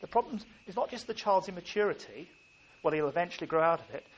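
A man's voice: high-pitched, lively intonation, fast talker, muffled recording. A man preaching a sermon, earnest and emphatic, often stopping to restart a phrase. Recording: faint ambient background noise.

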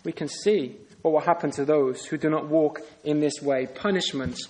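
A man's voice: a little high, steady tone, normal speed, darkish tone. A man preaching a sermon earnestly, often putting rhetorical questions to his listeners.

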